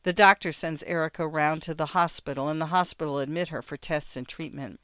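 A man narrating an audiobook in a measured, wry storytelling manner. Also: a little high, steady tone, bright, forceful tone, clear, resonant tone, dry recording. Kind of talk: scripted narration.

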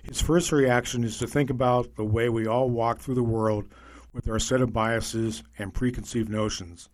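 A man's voice: mid-range voice, steady tone, normal speed. Man reading a feature article aloud. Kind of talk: scripted narration.

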